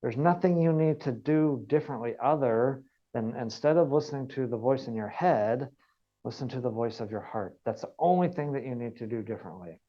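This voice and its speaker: A man's voice: medium pitch, brisk, muffled recording. A man giving an online wellness training, earnest and repeating key points for emphasis. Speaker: wellness coach.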